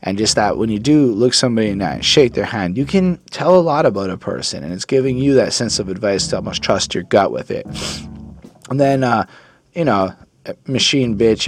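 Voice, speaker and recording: A man giving a casual, rambling music review, swearing freely and filling pauses with ums and uhs. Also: on the low side. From Jewish. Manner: rambling, profane, with frequent fillers and restarts. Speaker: album reviewer.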